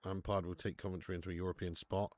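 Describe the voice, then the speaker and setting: A young man hosting a live football watch-along, chatting casually, swearing freely and answering viewers' comments out loud. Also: sits low, fast, dry recording. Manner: excitable, swears, reads chat comments aloud. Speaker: live-stream host.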